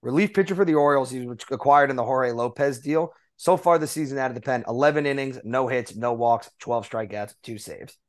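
Male podcast co-host, mid-pitch, casual sports chat, reads items with fillers. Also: fairly quick, hardly any pauses. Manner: conversational, reads notes with fillers.

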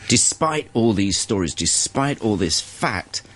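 A man's voice: fairly low pitch, lively intonation, slow, a bit bright. A man hosting a radio talk show in a studio, prompting his guest with questions. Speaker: radio host.

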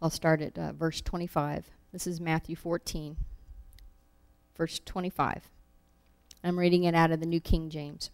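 A woman teaching a Bible lesson, reading verses aloud and acting out the quoted lines with animated emphasis. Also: low-pitched, measured pace, clean tone. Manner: animated, acts out scripture quotes.

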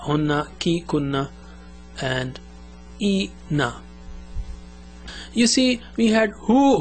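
Man teaching slow call-and-repeat drills. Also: on the high side. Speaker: Arabic teacher. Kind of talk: classroom language lesson.

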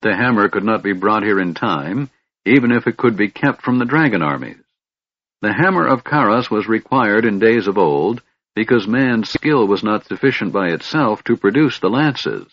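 A man's voice: lowish voice, expressive, normal speed, dry recording. A man voicing a proud blacksmith. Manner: proud and assured. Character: proud male human blacksmith. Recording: dull lo-fi audiobook recording.

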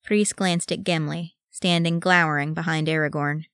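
A woman reading fan fiction aloud as an audiobook, with a steady read that voices each character. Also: low-pitched, moderate pace, clean tone, dry recording, studio quality. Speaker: audiobook reader.

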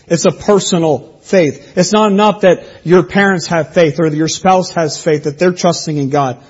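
A man's voice: high-pitched, darkish tone, breathy edge, muffled recording. A man preaching an expository sermon, reading scripture aloud and explaining it in an earnest teaching manner. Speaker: pastor.

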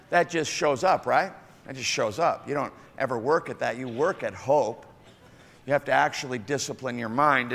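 A male pastor preaching a sermon, animated, acting out the voices of other people and swinging from loud outbursts to hushed asides. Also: medium pitch, vocal fry, big-room sound.

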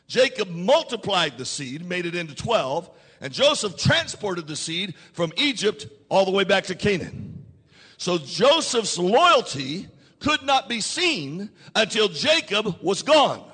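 A man preaches a sermon in a strikingly high, bright voice. He repeats his key lines, calls on the congregation to answer, and climbs to shouts. The sound rings with the long reverb of a large hall. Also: breathy edge. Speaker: pastor.

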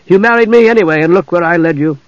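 A man's voice: high voice, fast talker, no echo, highs cut off, voice pushed up, close to an everyday voice. A man reading an audiobook, voicing a grim, blunt aging half-elf husband. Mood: rueful.

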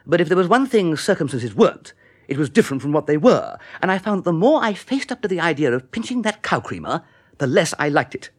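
Bertie Wooster, a flustered young toff. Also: male voice, on the high side, sing-song, quick pace, breathy edge. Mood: wry. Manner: flustered, stammering. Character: genial young English gentleman, flustered and upper-class. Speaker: narrator. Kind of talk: radio play acting and narration.

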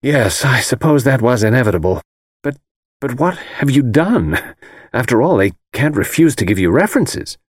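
A man's voice: medium pitch, very animated, normal speed, husky, no room sound, clean studio sound. A man doing an earnest, worried young bride. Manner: earnest, questioning. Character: anxious newly married young woman.

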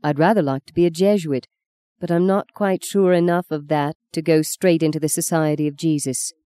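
A woman's voice: low voice, fairly even intonation, moderate pace, warm tone, smooth, no room sound, lightly acted. A woman voicing an earnest young man set on becoming a priest, reading him in a heartfelt, pleading way in an audiobook.

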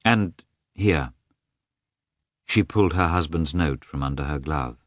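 A man narrating a classic novel as an audiobook, in an expressive, measured telling. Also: extremely low pitch, no echo, studio quality.

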